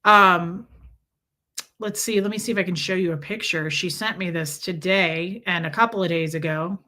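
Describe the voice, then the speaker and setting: A woman's voice: lowish voice, moderate pace, sharp tone. A middle-aged woman hosting a casual livestream, chatting and reading out viewer messages. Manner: chatty, reads out chat messages, coos at a kitten. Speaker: livestream host.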